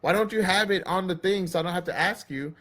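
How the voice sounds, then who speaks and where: A man with a slightly higher voice rants in heated, casual podcast talk. He swears freely and slips into quick impressions of clerks and cashiers. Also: a bit bright. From Texas. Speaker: podcast host. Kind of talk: casual profane rant.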